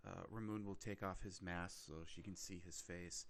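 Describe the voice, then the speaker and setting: A man playing his character in a tabletop game, speaking earnestly and measured. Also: deep voice, little pitch movement, gravelly. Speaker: player.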